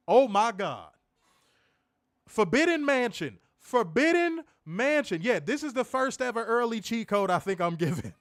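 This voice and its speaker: A young man casually reviewing a wrestling show, excitable and slangy, laughing often and repeating phrases. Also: sits high, no echo, studio quality. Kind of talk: casual live-stream commentary reading chat.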